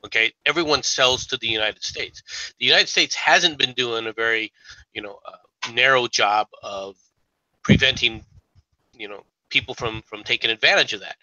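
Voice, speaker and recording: A man's voice: medium pitch, normal speed, sharp tone, dry recording, muffled recording. A man on a casual political talk stream, arguing his points in a lecturing way with many okays. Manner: argumentative, lecturing, fillers like okay.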